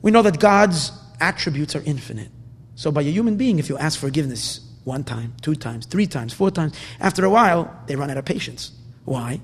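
A man's voice: fairly high pitch, expressive, a little fast, slightly rough. Impassioned man preaching in a reverberant hall. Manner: impassioned, swings from soft to loud, repeats words. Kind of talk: sermon.

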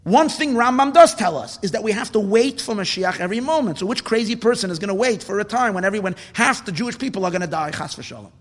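Impassioned high-voiced man preaching. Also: animated, fast talker, few pauses, in a large hall. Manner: impassioned, rising to shouts of indignation. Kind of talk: passionate Torah talk.

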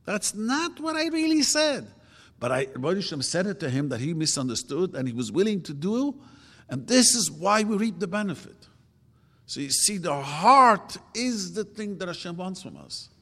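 An older man giving an informal religious talk, chatting casually and acting out quoted speech with sudden jumps in pitch. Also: expressive, normal speed, fairly bright tone. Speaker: religious teacher. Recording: long hall reverb.

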